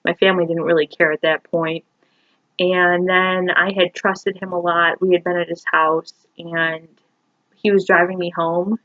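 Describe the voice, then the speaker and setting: A woman's voice: on the low side, flat delivery, measured pace, no room sound. A woman in her twenties telling a painful personal story to camera, rambling and emotional, filling her talk with "like" and "you know.". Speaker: vlogger. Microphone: phone. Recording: dull lo-fi phone recording.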